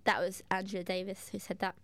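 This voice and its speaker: A woman hosting a radio show, reading a scripted introduction at a measured pace. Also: mid-range voice, level tone, no room sound. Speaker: radio host. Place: radio studio.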